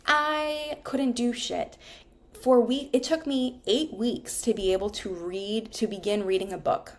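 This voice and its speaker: A woman's voice: mid-range voice, moderate pace, warm tone. A woman, frankly telling a personal story in a casual, conversational way and swearing now and then.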